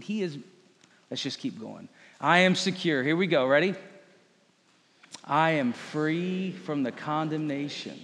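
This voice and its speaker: Slow-speaking pastor in a big hall. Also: male voice, on the high side, animated, fairly bright tone. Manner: leads congregation in call-and-response declarations. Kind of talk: sermon.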